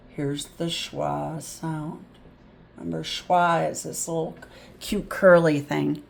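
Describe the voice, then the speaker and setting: A woman tutor teaching a phonics lesson, sounding out words slowly and thinking aloud in a chatty way. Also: sits low, flat delivery, vocal fry. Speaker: reading tutor.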